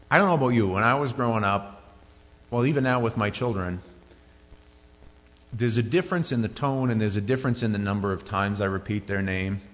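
A man's voice: lowish voice, long reverb tail, highs cut off. A man preaching a conversational sermon as pastor, acting out quoted voices as he tells the story.

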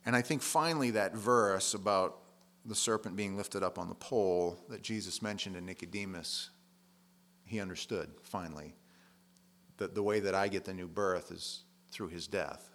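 A man's voice: lowish voice, fairly bright tone. A man preaching a sermon in a conversational, plain-spoken way, leaning hard on key words.

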